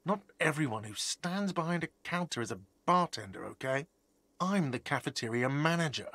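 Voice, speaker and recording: A sarcastic cafeteria manager. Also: male voice, fairly high pitch, expressive, moderate pace, pushed and bright, no echo, heavily acted. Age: late 20s. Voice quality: sarcastic, defensive and curt. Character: curt, sarcastic young male cafeteria manager.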